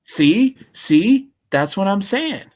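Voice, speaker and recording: A man, a convention vendor guest, telling a story on a live call in an animated way, acting out voices and saying "see?" again and again. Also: high-pitched, slow.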